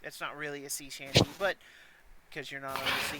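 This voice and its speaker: A man's voice: medium pitch, flat delivery, brisk, heavy background noise. A man narrating as dungeon master in a loose, rambling way with many fillers. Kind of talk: narrating a tabletop game.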